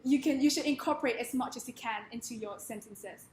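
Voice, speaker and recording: A woman giving a comedic presentation in a wry, deadpan manner. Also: a little high, a little fast, roomy sound.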